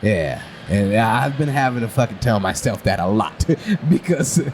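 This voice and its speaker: A male stand-up comedian guest chatting casually on a podcast, lively and quick to laugh, often acting out his own thoughts and restarting his sentences. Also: on the low side, slight background noise. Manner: rambling with frequent restarts.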